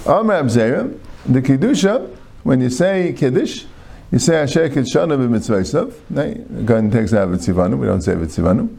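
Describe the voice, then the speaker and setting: Rabbi guy going over talmud, gravelly dark voice, keeps asking right?. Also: mid-range voice, expressive, fairly quick. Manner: thinking aloud, frequent "right?" checks, mixing Hebrew-Aramaic terms. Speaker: rabbi teaching Talmud review. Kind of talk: Talmud class lecture.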